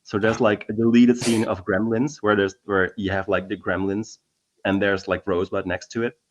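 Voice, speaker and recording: Casual co-host, male, low-ish voice, rambly storyteller, dull lo-fi audio. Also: little pitch movement, moderate pace, slight background noise. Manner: rambling anecdotes with many fillers. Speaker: podcast co-host. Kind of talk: casual chat. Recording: dull lo-fi sound.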